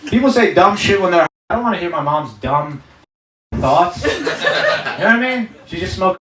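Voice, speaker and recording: A man's voice: sits high, normal speed. Male stand-up from Uzbekistan, bouncy delivery, crude asides, echoey distant live-venue sound. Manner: crude, animated storytelling with many asides. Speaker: stand-up comedian. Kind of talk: stand-up comedy set. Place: comedy stage before a live audience. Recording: echoey venue from far off, loud noise.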